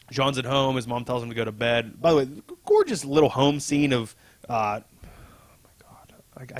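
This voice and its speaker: Regular guy on a podcast, mid voice, rambles and laughs, swears a bit. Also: mid-range voice. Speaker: podcast co-host. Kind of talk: casual chat recapping a comic.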